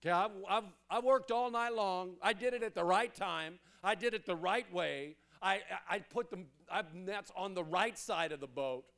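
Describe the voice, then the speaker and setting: A tired, grudging fisherman mutters his frustration but agrees to obey, as a high-voiced preacher acts him out in a sermon. The voice sits high for a man. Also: moderate pace, few pauses, fairly bright tone. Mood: weary resigned. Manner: tired, grudging inner monologue. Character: weary, frustrated grown fisherman who still obeys.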